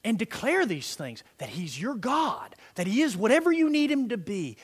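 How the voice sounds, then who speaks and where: A middle-aged man preaching a sermon, swinging between soft, murmured prayer lines and loud, emphatic declarations. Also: sits high, very animated, normal speed, slightly rough. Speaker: pastor. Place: church sanctuary. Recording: long hall reverb.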